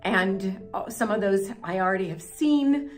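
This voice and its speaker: Holding the camera herself, an American vlogger talks from a manor house cellar with soft music in the background. Her medium-pitched voice is fairly even and moves at normal speed as she rambles emotionally.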